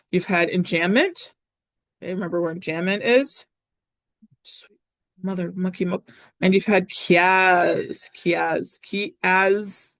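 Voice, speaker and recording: A woman teaching a Latin poetry lesson in a chatty, casual way, often pausing with fillers and correcting herself as she works through the text. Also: fairly low pitch, vocal fry, fairly bright tone, no room sound. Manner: chatty, self-correcting, frequent ums. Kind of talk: recorded classroom lesson.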